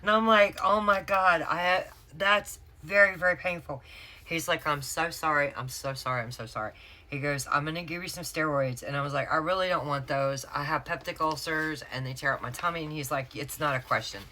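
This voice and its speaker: A middle-aged woman tells a personal story straight to her viewers, calling them y'all. Her voice sits very low for a woman, yet it comes across bright and forceful. She sounds chatty and candid throughout. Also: a little hiss or hum. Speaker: planner sticker vlogger.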